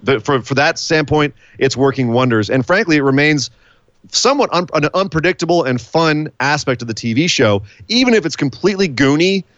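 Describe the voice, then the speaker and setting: A man co-hosting a casual wrestling podcast, excitable and quick to laugh as he recaps the show. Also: a little high, no room sound. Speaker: podcast co-host. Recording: dry, slightly dull lo-fi sound.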